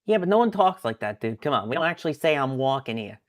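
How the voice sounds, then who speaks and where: A man's voice: mid-range voice, sing-song, fast talker. A man from New Jersey with a New York area accent, hosting a casual livestream chat and reading out viewer orders. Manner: joking, reads out viewer purchases. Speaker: livestream host.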